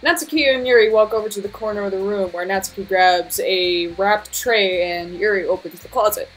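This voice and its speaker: A woman's voice: medium pitch, a little fast, faint music behind, rough recording. A woman streamer reading a visual novel aloud, casual and swearing freely with self-mocking asides.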